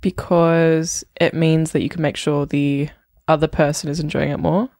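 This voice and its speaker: A woman's voice: deep voice, level tone, normal speed, a little mellow, no echo. A young woman co-hosting a podcast, chatting casually in a dry, teasing way. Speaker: podcast co-host.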